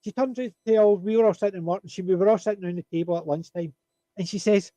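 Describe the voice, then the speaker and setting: A man chatting on a panel, telling an animated anecdote and chuckling at his punchlines. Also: sits high, rapid-fire, no echo. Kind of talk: casual storytelling chat.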